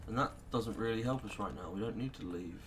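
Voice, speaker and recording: A man's voice: on the low side, fast talker, noisy background. A British man hosting a let's play, muttering casual gameplay commentary in a sarcastic manner and swearing freely. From Britain.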